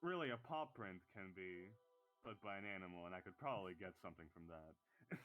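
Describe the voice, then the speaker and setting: A man's voice: sits low, expressive, a little fast, fairly bright tone, low-quality recording. A man playing a gifted young noblewoman with magic eyes in a tabletop game, speaking in dry, matter-of-fact quips. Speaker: player. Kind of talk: in-character tabletop role-play. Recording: faint music behind.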